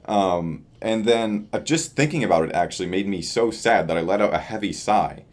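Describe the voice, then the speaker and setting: A man's voice: on the low side, lively intonation, normal speed. A tired young man chatting loosely in a casual video diary, with lots of fillers. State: tired from lack of sleep. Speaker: vlogger. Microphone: camera facing him.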